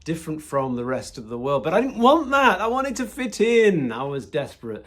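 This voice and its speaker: A man's voice: a little high, big pitch swings, moderate pace. Candid man giving a devotional talk. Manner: candid, reflective storytelling with sudden emphatic rises. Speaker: Christian teacher.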